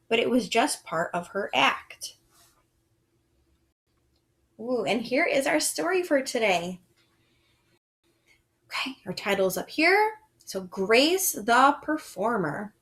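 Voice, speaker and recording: Slow, sing-song woman teaching young children. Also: fairly high pitch, a bit bright. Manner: slow, sing-song and encouraging, with frequent praise. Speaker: first grade teacher. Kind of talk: reading lesson for young children.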